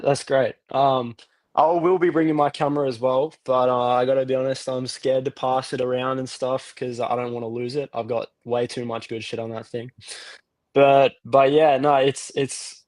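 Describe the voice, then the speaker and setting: A young Australian man calling in to a fan show, chatting in a relaxed, rambling way. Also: medium pitch, moderate pace, no echo. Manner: relaxed, rambling, lots of fillers and restarts. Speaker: caller. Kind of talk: casual call-in chat.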